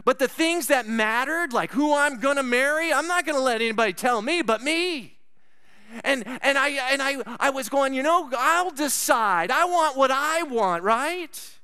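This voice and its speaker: A man preaching a sermon, telling a personal story with asides to the congregation and swinging from loud to hushed. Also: very high-pitched, animated, normal speed, no echo. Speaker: pastor.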